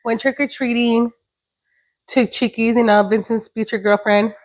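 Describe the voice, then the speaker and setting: A woman's voice: fairly high pitch, fairly even intonation, normal speed. A woman co-hosting a casual gossip podcast, reacting chattily and slipping into Spanish. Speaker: podcast co-host.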